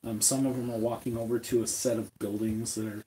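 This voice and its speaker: A man in a middle pitch serves as game master for a tabletop game. He narrates scenes haltingly, stopping and repeating himself as he works out the details, over a faint hiss. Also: little pitch movement, mellow, rough recording. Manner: halting, repeats words while describing scenes.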